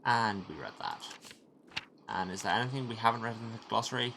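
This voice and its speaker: A man's voice: on the low side, very animated, fairly quick, gravelly, background noise. A man giving chatty, joking commentary while playing a video game. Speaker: let's play host.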